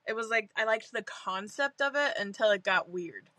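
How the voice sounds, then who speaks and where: A woman's voice: medium pitch, expressive, moderate pace, bright, forceful tone, no room sound. A woman co-hosting a casual book podcast, blunt and swearing freely. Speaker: podcast co-host. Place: at home with a cat.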